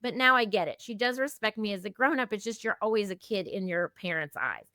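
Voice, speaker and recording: A woman in her fifties, an eating disorder specialist, explaining gently in a casual podcast conversation and acting out little example dialogues. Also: medium pitch, lively intonation, brisk, dry recording, studio quality. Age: 50s.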